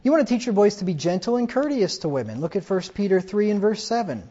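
Sounding very animated, a man with a high-sitting, warm voice preaches at a quick pace over lo-fi audio. He talks to his listeners conversationally, often saying "right?" and giving voice to the people in his stories.

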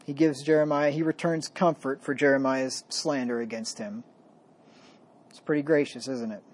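A man preaching a sermon, reading scripture slowly with emphasis and then explaining it in a plain, conversational way. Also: medium pitch, steady tone. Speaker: pastor.

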